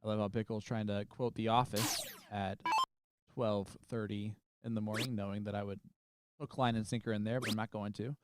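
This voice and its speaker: A man's voice: lowish voice, little pitch movement, fairly quick, noisy background. A man from the American Midwest co-commentating a darts final, teasing his partner with dry remarks. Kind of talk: live sports commentary with banter.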